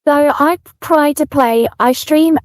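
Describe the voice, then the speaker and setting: A woman's voice: high voice, takes it slowly, no echo. A British woman, a streamer, talking in an interview in an earnest, thankful way with many fillers. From Britain. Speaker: streamer guest. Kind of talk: casual interview chat.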